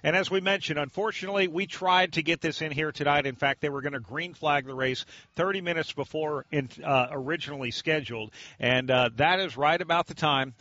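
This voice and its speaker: Bright-voiced man hosting race radio. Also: on the high side, fairly quick, highs cut off. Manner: steady, informative, thanks listeners often. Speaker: radio race play-by-play host. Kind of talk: live radio sports broadcast.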